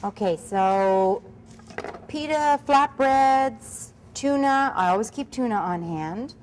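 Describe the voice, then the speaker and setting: A woman's voice: fairly high pitch, expressive, slow, slight background noise, low-quality recording. A woman co-hosting a cooking demonstration, chatty, enthusiastic and playfully teasing. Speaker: co-host. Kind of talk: cooking demo chat.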